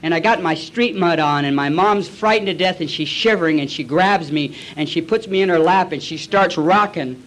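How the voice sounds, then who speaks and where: A man's voice: a little high, normal speed, few pauses, a bit bright, a little hiss or hum. A man in his forties giving a recovery meeting talk, a blunt, colloquial storyteller who acts out past conversations.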